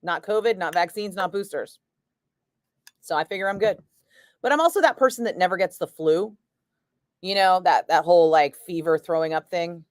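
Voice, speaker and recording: Woman streamer w/ a migraine, low voice, wry + chatty, reads comments, swears a bit, dry close sound. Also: normal speed, pauses often, dry recording. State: battling a migraine. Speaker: radio host streaming live chat. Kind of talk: casual livestream chat reading comments.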